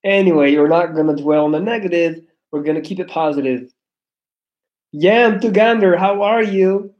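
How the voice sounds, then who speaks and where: High-voiced man chatting on a livestream. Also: moderate pace, dull audio. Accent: non-native English. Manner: profane, blunt, joking. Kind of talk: casual live-stream chat.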